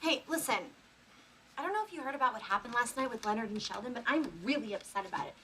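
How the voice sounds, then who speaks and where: Sitcom: an outspoken young woman, blunt, high and animated, very noisy clip. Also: quick pace. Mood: indignant. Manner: blunt, expressive. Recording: loud noise over a TV clip.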